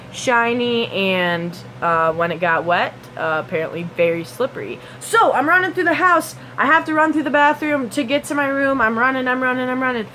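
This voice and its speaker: Chatty young-sounding woman, higher voice. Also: fairly bright tone, slight background noise. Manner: chatty and rambling, with many fillers and sound effects. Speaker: vlogger. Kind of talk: casual storytelling to camera.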